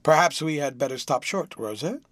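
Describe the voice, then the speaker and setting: A man's voice: lively intonation, normal speed, fairly bright tone, dry recording. A man voicing an impatient, sulky young engaged man who talks in a grumbling, clipped way. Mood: grumbling, teasing. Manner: grumbling, slightly lower and clipped.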